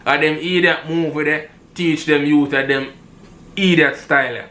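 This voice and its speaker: A man's voice: on the high side, fairly even intonation, normal speed, pushed and bright. A man with a Jamaican accent, giving heated commentary in patois and repeating himself for emphasis. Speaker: commentator reacting to robbery footage.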